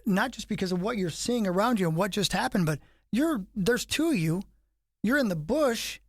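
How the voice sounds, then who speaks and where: High-voiced, animated podcast host man. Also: moderate pace, dry recording, clean studio sound. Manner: animated, self-deprecating, voice rising on questions. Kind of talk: podcast interview.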